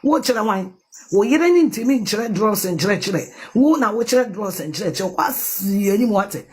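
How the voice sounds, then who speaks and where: Furious husky Ghanaian woman ranting. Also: mid-range voice, animated, measured pace, darkish tone. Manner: insulting, scolding, repeats her jabs. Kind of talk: angry ranting commentary.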